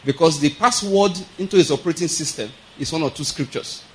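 A man's voice: on the high side, fairly quick, rough recording. A man giving a conversational sermon, laughing often and asking his listeners whether they follow. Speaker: preacher.

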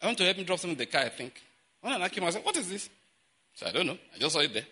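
A man preaching to his congregation, breaking into an animated personal story and asking the listeners rhetorical questions. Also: a little high, very fast, slightly rough. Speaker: pastor.

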